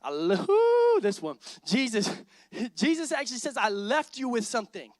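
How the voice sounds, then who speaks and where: Man, lead pastor, sermon, emphatic and repetitive, very high pitch, dry close sound. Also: measured pace, no room sound. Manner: energetic, emphatic preaching with repetition and rising intensity. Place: church sanctuary.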